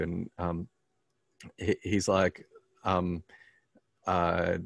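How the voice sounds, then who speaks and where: Deep-voiced man, halting storyteller. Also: steady tone, no echo. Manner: halting, many "um"s and restarts. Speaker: pastor, guest. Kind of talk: conversational storytelling.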